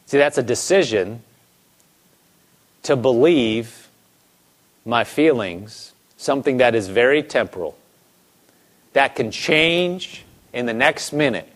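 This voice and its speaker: A man's voice: mid-range voice, animated, slow, long pauses. A man preaching a conversational sermon, asking lots of rhetorical questions and acting out people's thoughts.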